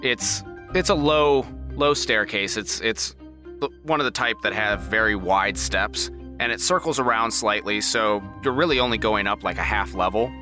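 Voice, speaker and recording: A man narrating as game master of a tabletop game, describing scenes in a relaxed way with small restarts. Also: fairly low pitch, moderate pace, over music.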